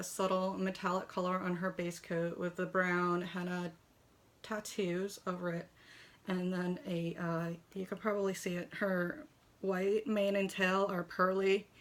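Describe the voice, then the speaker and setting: A woman chatting casually from her kitchen as she reviews a collectible model horse, gushing, with lots of fillers. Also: lowish voice. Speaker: toy shop owner reviewing a model horse. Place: home kitchen.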